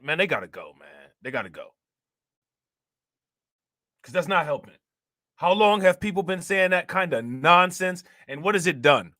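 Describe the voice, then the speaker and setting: A man hosting a reaction and commentary channel addresses his viewers in a heated, emphatic way, firing off rhetorical questions. His high-pitched voice sounds pushed and bright, recorded at studio quality with no echo.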